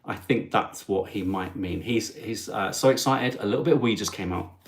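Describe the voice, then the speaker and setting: A man's voice: fairly low pitch, moderate pace. Cheeky man hosting a livestream. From England. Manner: cheeky, camp, jokey asides. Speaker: travel vlogger hosting a livestream. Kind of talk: chatty live stream.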